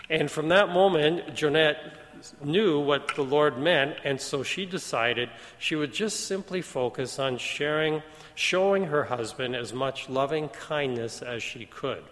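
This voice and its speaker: A man preaching, retelling a story in an even storytelling manner with quoted dialogue. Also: fairly high pitch, unhurried. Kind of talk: sermon storytelling. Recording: long hall reverb.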